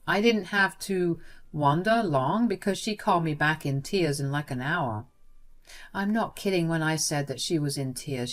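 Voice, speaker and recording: Lowish woman narrating a revenge story. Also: a bit bright. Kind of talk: first-person story narration.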